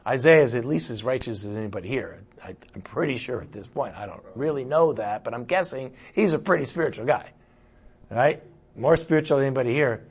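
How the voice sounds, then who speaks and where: A man preaching a conversational sermon, swinging between loud exclamations and quiet asides. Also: mid-range voice, lively intonation, fairly quick, husky. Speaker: pastor.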